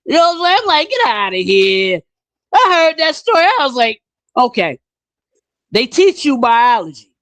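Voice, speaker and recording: A man hosting a casual podcast chat, talking bluntly and in an animated way, his pitch jumping up when he gets riled. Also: a little fast, no echo. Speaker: podcast host.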